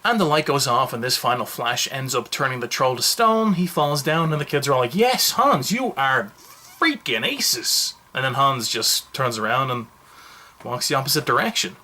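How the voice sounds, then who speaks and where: A man giving a casual, jokey movie review, telling the story in a rambling, animated way. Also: mid-range voice, fairly quick.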